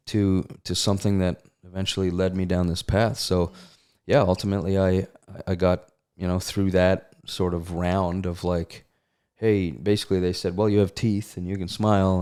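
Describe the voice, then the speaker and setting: A middle-aged man, an actor, telling stories casually in an interview and acting out the people he quotes. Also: low voice. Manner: animated, acts out quotes in voices. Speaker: actor, guest.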